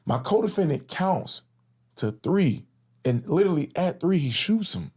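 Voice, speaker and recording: A man with a slightly husky voice tells a story from his own life, in casual, slangy speech. His pitch swings widely as he acts out what others said. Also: big pitch swings, unhurried, darkish tone. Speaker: interview guest. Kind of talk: personal storytelling in conversation.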